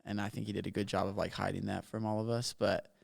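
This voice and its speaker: Gravelly, low-voiced young man from Bermuda. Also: flat delivery, quick pace. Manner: rambling, filler-heavy with frequent "like". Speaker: podcast guest, coach. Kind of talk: casual interview storytelling.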